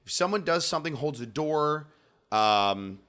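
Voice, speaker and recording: A man's voice: fairly high pitch, expressive, unhurried, bright, forceful tone, clean tone. A young man from Virginia, co-hosting a podcast in casual chat, rambling loosely with filler words and frequent chuckles. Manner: rambling and laughing, loose filler-heavy talk. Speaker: podcast co-host.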